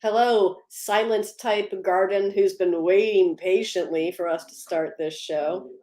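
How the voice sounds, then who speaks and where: A woman's voice: mid-range voice, steady tone, a little slow, mellow, reverberant. A woman hosting a casual livestream, upbeat, greeting viewers by name and laughing easily between policy updates. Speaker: livestream host.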